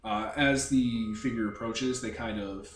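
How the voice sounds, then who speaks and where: A man's voice: mid-range voice, fairly even intonation, a little slow. A man narrating as game master of a tabletop game, rambling and searching for words. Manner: rambling, full of fillers and restarts. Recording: roomy, distant mic with faint music.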